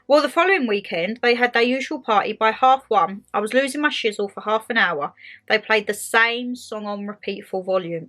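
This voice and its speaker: A woman's voice: a little high, moderate pace. A woman hosting a casual chat video, ranting animatedly and acting out what people say. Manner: animated storyteller, acts out quotes, laughs often. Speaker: vlog host. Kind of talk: casual chatty rant. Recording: faint music underneath.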